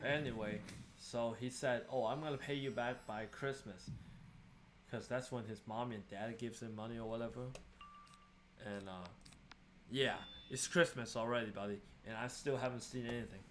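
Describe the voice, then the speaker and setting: A man's voice: medium pitch, fairly even intonation, normal speed, background noise. A young man venting about being swindled while he plays a game, in casual, exasperated commentary. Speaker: gaming streamer.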